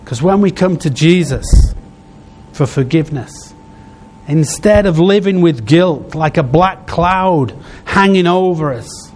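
A male preacher delivers a heartfelt sermon in short, pausing phrases. He speaks very slowly, with a voice pitched a little high for a man. A faint hum lies under his voice. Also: expressive, darkish tone. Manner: slow, heartfelt, phrases broken by pauses.

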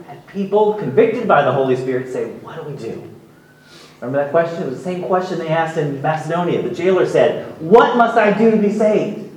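A man's voice: high voice, a little mellow, a little hiss or hum. A male pastor preaching a sermon in a conversational way, with offhand asides and humor. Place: church sanctuary. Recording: very echoey hall, mic far off.

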